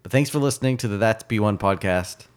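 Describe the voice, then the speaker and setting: A man's voice: on the low side, fairly quick. A man co-hosting a podcast, chatting casually with dry, wry humor. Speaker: podcast co-host. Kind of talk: casual chat.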